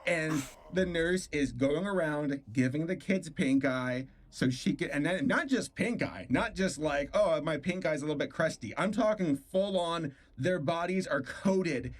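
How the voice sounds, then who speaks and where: A man streaming, reacting to a cartoon in casual, animated commentary. He sounds incredulous and disgusted and laughs often, in a voice a little higher than most men's. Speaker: streamer reviewing a cartoon episode.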